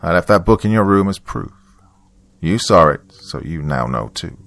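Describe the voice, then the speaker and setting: A man voicing a bitter, secretive estranged mother with a raspy voice, scornful and urgent. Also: deep voice, expressive, normal speed, a bit bright, no room sound, heavily acted. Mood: earnest.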